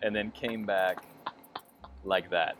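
A man's voice: deep voice, fairly even intonation, takes it slowly, background noise. A young man in casual comedic chat, trading dry, mocking jokes with frequent fillers.

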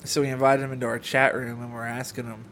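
Brief: man, mid-pitched, casual podcast host, rambling and playful, faint hiss behind him. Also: level tone, quick pace, fairly bright tone. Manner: laughs often, rambling and playful. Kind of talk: casual podcast chat and storytelling.

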